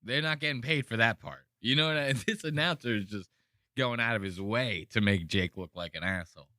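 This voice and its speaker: A man talks over fight highlights in loose, profane banter, slipping into mocking voices. His tone is bright and forceful. The studio sound is dry and close. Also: fairly quick, no room sound. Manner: crude, animated, mocking impressions. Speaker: podcast host. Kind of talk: casual chat reacting to fight clips.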